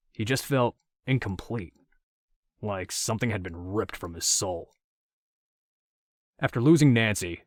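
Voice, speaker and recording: A man reading an audiobook story in a steady, measured narration. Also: fairly low pitch, no room sound, studio quality.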